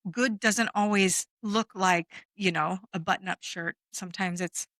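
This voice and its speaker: A woman's voice: medium pitch, steady tone, a little slow, a bit bright, dry recording. A woman energy healer talking frankly in a casual podcast chat, explaining with the odd swear word.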